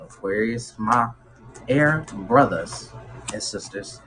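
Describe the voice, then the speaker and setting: A man giving a casual tarot reading, talking in a slangy, animated way and acting out what people might say. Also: fairly low pitch, slow, very noisy. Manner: slangy and animated, acts out quotes. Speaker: tarot reader.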